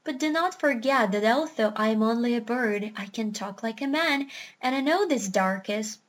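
A woman's voice: on the high side, moderate pace, natural voice. A woman voicing a clever, self-assured female parrot in a storybook reading. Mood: confident.

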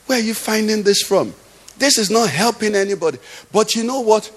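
A man preaching a sermon as pastor, swinging from loud cries to low murmurs. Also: lively intonation, a little fast.

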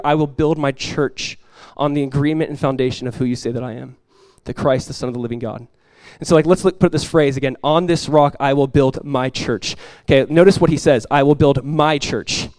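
Delivering a sermon, a male pastor keeps things lively and conversational, weaving in stories and performing the quoted voices himself. He speaks with a fairly high pitch in a recording free of echo.

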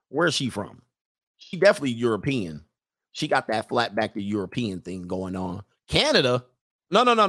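Male host, casual reaction commentary, jokey and animated, dry close sound. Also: mid-range voice, no room sound. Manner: joking, animated, laughs often.

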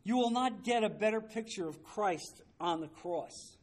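A man with a notably high-pitched voice teaches a Bible study. He is emphatic, repeats his key points and keeps asking rhetorical questions, with the odd wry aside. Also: expressive, a little slow.

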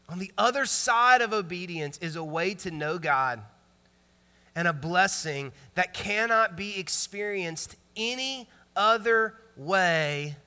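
A male pastor in his thirties preaching in an animated, storytelling way. His voice is high and very bright. It carries a long reverb, as from a church sanctuary. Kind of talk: sermon.

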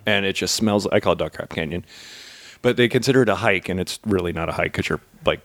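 A man hosting a podcast in casual chat, asking questions and filling in with quick agreement and laughs. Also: low voice, gravelly, a bit bright, no echo. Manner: chatty, quick backchannels and laughter. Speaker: podcast host.

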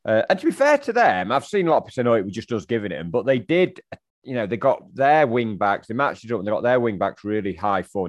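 A man co-hosting a football podcast, animated as he recounts the match. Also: low voice, no room sound. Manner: animated, recounts match moments, mimics the crowd. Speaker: podcast co-host. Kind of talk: casual football chat.

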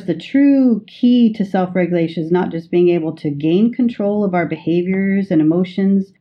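A woman educator giving a measured, patient teaching talk, explaining with everyday examples. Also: mid-range voice, muffled recording. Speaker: educator guest.

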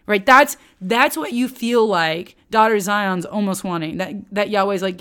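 A woman teaching the Bible on her podcast in a candid, animated, self-aware way, talking straight to her listeners. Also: medium pitch, measured pace, few pauses, clean tone. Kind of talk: conversational teaching.

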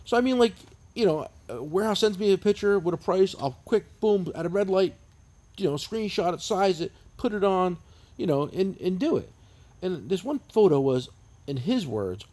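A husky-voiced man in his fifties with a thick New Jersey accent talks on a podcast, swearing freely as he rambles through his stories. His voice sits a little high for a man and swings widely in pitch. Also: expressive, moderate pace, dark tone. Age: 50s. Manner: profane, rambling storyteller. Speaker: podcast co-host. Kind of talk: casual chat.

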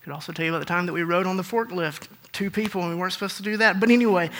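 A man preaching a sermon, telling a long personal story and acting out the exchanges in it, often clearing his throat. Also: high voice, rapid-fire, hardly any pauses, fairly bright tone. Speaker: pastor.

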